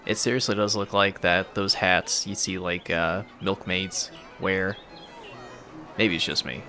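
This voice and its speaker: Bright-voiced casual gameplay commentator, man. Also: deep voice, fairly even intonation, unhurried, faint music behind. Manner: casual, rambling, profane. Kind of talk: casual let's play commentary.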